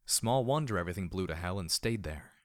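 A man reading a first-person story aloud in a measured, somber way. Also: sits low, lively intonation, dry recording, clean studio sound. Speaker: audiobook reader.

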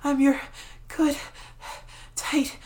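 A young woman voicing a devoted, eager dog-girl pet in a whispered role-play, breathy and pleading. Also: high voice, level tone, drawn-out words. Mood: eager, doting. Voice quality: breathy, soft and hushed. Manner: pleading, affectionate and clingy. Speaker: voice actor.

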